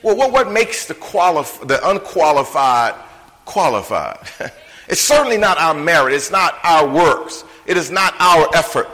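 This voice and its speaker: Male preacher, emphatic sermon, high bright voice, shouts then drops low, long echo of a church hall. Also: sing-song, measured pace. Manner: emphatic, swings from shouted lines to hushed ones. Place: church sanctuary.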